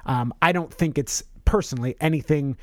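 A man's voice: a little high, a little fast, no echo, studio quality. A man co-hosting a podcast in casual chat, rambling with many restarts and self-corrections. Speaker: podcast co-host.

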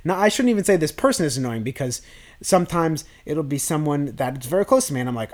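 A man's voice: fairly high pitch, lively intonation, quick pace. A man hosting a self-improvement podcast, talking through his thoughts in a loose, rambling way with many restarts. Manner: rambling, with frequent restarts and fillers. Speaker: podcast host.

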